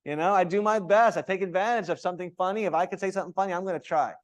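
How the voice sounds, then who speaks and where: Male yoga teacher trainer, slightly high voice, emphatic lecturing to a live class. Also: racing. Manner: animated, emphatic, checks in with "okay?".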